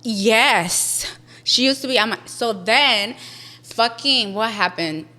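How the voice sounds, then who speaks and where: Young woman, bright tone, animated storyteller, curses freely, drops into Spanish. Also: a little high, slow. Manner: animated, swears often, switches into Spanish. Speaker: podcast guest. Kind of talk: casual storytelling.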